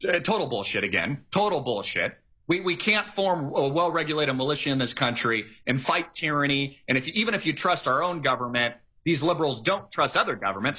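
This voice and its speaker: With a pushed, bright voice on the high side, a man delivers an emphatic, repetitive political monologue. He rants while mocking the people he argues with.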